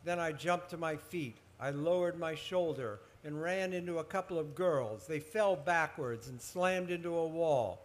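A man, a children's author, reading his own horror story aloud at a book festival, expressive and building suspense. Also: a little high, measured pace, few pauses.

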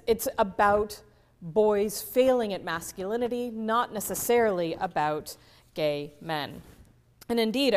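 A woman giving an academic conference lecture, often checking in with the audience through tag questions and restarting her sentences. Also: medium pitch. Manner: restarts and repeats words mid-sentence.

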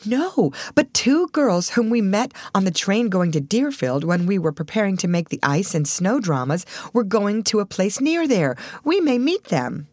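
A woman doing an excitable young actress. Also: medium pitch, normal speed, few pauses, no echo, studio quality, voice pushed up. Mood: eager. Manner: bright, excited, bubbly.

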